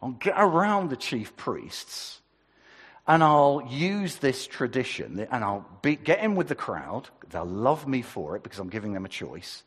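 Husky male preacher as Roman governor, coaxing and theatrical, voice jumping up and down, echoing hall. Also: mid-range voice, very animated, measured pace, fairly bright tone, heavily acted. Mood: scheming. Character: exasperated Roman governor, pleading then scheming.

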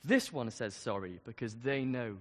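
A man's voice: medium pitch, normal speed, a bit bright. A man preaching a sermon, speaking earnestly and building to emphatic questions. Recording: long reverb of a large hall.

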